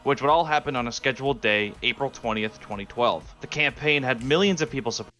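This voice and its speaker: A man reads a scripted explainer at a fast clip. His voice is bright and forward, and his delivery is informative. Soft music plays under him. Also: mid-range voice. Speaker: explainer video narrator. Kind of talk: scripted narration. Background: faint music.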